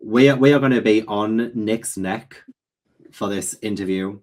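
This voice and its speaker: A man in a casual book chat, theorizing animatedly and quick to laugh. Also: fairly low pitch, darkish tone. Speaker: guest co-reader.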